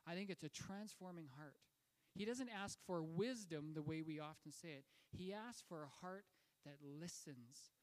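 A pastor preaches a sermon, telling a story conversationally with fillers and restarts. His voice is on the high side with a darkish tone, and a long hall reverb lingers in the recording.

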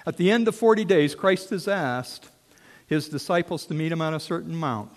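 A man preaching a sermon as a story, swinging from hushed tones to shouts. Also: on the high side, moderate pace. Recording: long hall reverb.

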